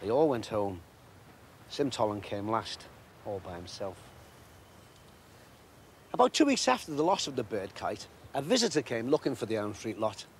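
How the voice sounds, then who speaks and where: A man reading a storybook aloud in an expressive, measured way. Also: lowish voice, slight background noise.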